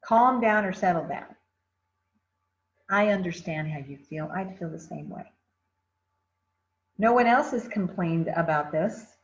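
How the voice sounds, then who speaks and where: A woman's voice: fairly low pitch, animated, measured pace, pauses often. A woman giving a conversational customer service training talk, often repeating phrases and adding fillers. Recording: roomy, slightly dull recording.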